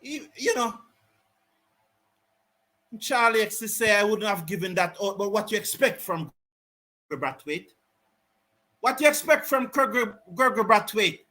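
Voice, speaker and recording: Male cricket commentator, high and bright, indignant and emphatic, repeats his points. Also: animated, moderate pace, long pauses. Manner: indignant, repetitive, emphatic, sometimes shouting. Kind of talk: live fan commentary and rant.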